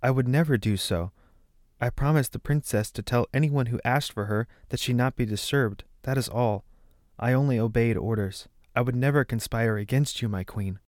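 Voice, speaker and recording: A man's voice: mid-range voice, normal speed, darkish tone, no echo, studio quality, natural voice. A man reading the part of a timid young maidservant who pleads anxiously in a storybook. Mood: pleading.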